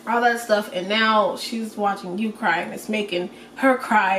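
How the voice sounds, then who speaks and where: A young woman vlogger telling a personal story to the camera in an emotional, halting way, full of fillers. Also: medium pitch, fairly even intonation, fairly bright tone, slight background noise. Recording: roomy echo, voice from a distance.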